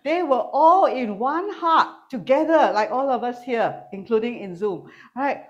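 Woman preacher, lively and teasing, mid-high voice, jumps between loud and soft. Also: unhurried, muffled recording. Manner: animated, teasing, swings between loud and quiet. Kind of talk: sermon with humor. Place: church hall with online congregation.

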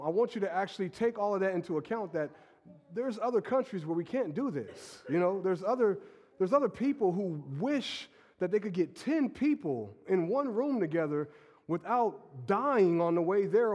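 Pastor, man, sick with a stuffy nose, casual energetic preacher, fairly high voice, long hall reverb. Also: moderate pace. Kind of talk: sermon. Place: church sanctuary.

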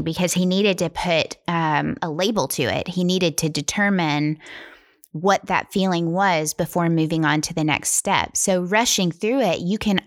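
Earnest woman with a lowish voice. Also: measured pace. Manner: earnest, thoughtful, explains in long run-on sentences. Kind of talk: casual conversation.

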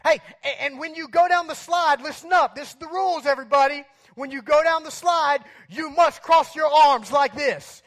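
A man's voice: extremely high pitch, moderate pace, hardly any pauses, a bit bright, pitched above the performer's own voice. A man playing a power-tripping male lifeguard who barks orders like a drill sergeant. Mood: barking orders. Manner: barking commands like a drill sergeant.

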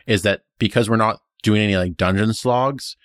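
Low male player, rambling and eager, dry close sound. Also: moderate pace, a bit bright, no room sound. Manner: rambling, many restarts, enthusiastic. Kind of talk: casual chat about a tabletop game.

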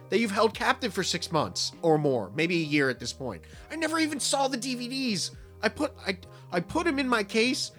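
A man's voice: sits high, sharp tone. A young man co-hosting a podcast, ranting in mock outrage and swearing through casual, tipsy banter. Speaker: podcast co-host.

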